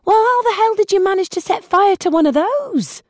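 A woman reading an audiobook, voicing a harried young woman with a British accent who juggles phone calls while driving and talks in a brisk, exasperated way. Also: very high-pitched, expressive, no room sound, studio quality, voice pushed up. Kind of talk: audiobook character voice.

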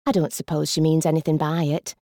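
A polite, weary woman volunteer in her thirties, voiced by a woman narrator, gentle and restrained. She has a low, mellow voice in a dry, close sound. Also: flat delivery, fairly quick, no room sound. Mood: subdued. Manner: polite, quietly subdued.

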